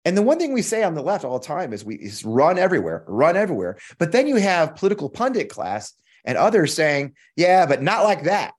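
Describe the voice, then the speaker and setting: A man's voice: a little high, huge pitch swings, fast, hardly any pauses, breathy edge. A middle-aged American man hosting a podcast, delivering heated, profane political commentary with emphatic repetition. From United States. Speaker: podcast host.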